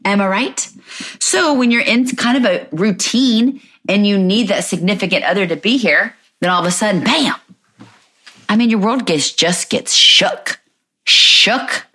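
A woman's voice: mid-range voice, normal speed, fairly bright tone. A woman in her thirties hosting a podcast, talking candidly in a chatty, self-mocking way. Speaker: podcast host. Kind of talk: casual monologue.

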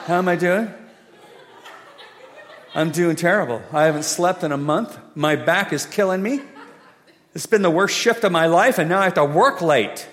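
A man voicing a worn-out waitress who complains, then gushes in a high falsetto. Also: normal speed, pauses often, fairly bright tone, natural voice. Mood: weary. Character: worn-out middle-aged woman waitress, weary. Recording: long hall reverb.

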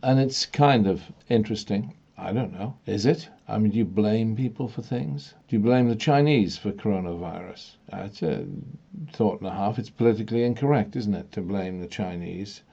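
A man delivering an opinionated monologue, musing aloud with pauses and growing indignant. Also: lowish voice, gravelly, mellow, slightly rough, highs cut off.

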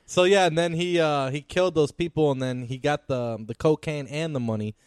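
A young man in casual chat among friends, retelling scenes with lots of animated quoting. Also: fairly high pitch, a little fast, clean tone, dry recording, studio quality. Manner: animated retelling, acts out quotes.

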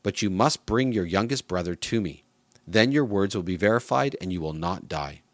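Man doing a harsh commanding ruler, low stern voice, dry close sound. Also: animated, normal speed, no echo. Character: stern powerful male ruler testing his brothers.

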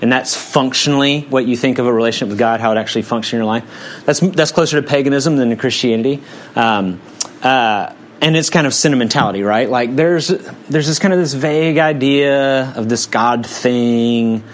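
A man's voice: mid-range voice, normal speed, slight background noise. A man in his forties, a pastor preaching a sermon in a conversational way, often hedging with "kind of" and "um".

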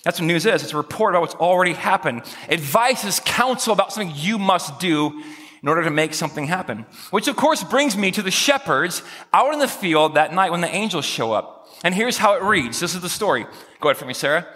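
Male pastor, high and bright, jokes with the congregation, long church reverb. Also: animated, brisk. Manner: jokey, chatty, banters with the congregation. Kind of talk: sermon. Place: church sanctuary with pews.

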